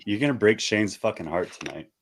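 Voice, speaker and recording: A man's voice: fairly low pitch, expressive, brisk, breathy edge. A man hosting a podcast in casual chat, blunt and teasing, swearing often. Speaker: podcast host.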